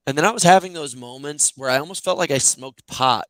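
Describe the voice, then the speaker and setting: A man's voice: on the high side, fairly quick, no echo. A male podcast host chatting casually, telling stories animatedly with lots of fillers. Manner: animated, loose storytelling with many fillers. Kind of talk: casual chat.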